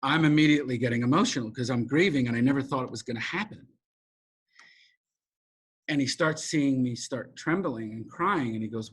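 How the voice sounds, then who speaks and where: Speaking briskly in a mid-range, breathy-edged voice, a middle-aged New Yorker shares a heartfelt story in an interview. He is emotional and animated, performing the voices of the people he quotes.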